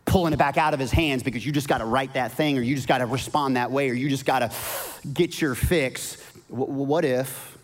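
A middle-aged male pastor preaching a sermon, telling a family story with animated swings and soft, quiet asides. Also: medium pitch, brisk. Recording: long reverb of a large hall.

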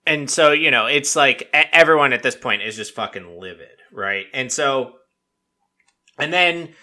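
A man's voice: medium pitch, unhurried. A man hosting a podcast, recapping a show in casual, rambling chat full of swearing and filler words. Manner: rambling and profane, heavy use of "like"; animated storytelling with mock quotes. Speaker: podcast host recapping a reality dating show.

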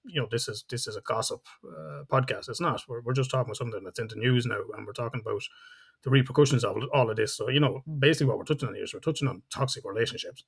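A man's voice: mid-range voice, very fast, creaky, husky. A man hosting a casual podcast, talking bluntly, swearing freely and laughing often. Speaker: podcast host.

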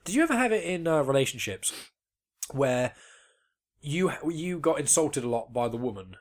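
A podcast co-host in his twenties rambles through a casual chat, swearing and restarting his sentences often. His voice is medium-pitched with big pitch swings, at a moderate pace.

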